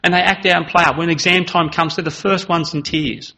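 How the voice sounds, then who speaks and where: A man's voice: on the high side, steady tone, brisk, pushed and bright. A man preaching a sermon in an earnest manner, voice rising dramatically when he acts out quoted lines. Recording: slightly dull, lo-fi sound.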